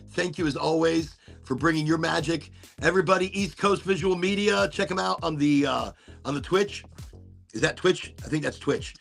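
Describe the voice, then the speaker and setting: A man's voice: fairly high pitch, vocal fry, fairly bright tone. A male host running a casual livestream chat show, rambling playfully and swearing freely.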